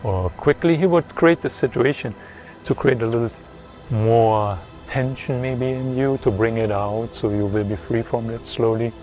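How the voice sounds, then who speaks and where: A man's voice: medium pitch, normal speed, a little mellow, soft background music. A man recalling his teacher's kindness, often ending sentences with a questioning "no?". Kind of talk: reminiscent talk.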